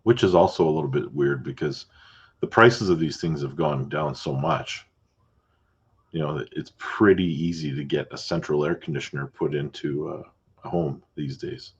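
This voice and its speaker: A man hosting a podcast as a realtor, chatting casually and relaxed, with fillers and asides. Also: extremely low pitch, normal speed, breathy edge, dull audio. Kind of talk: casual chat.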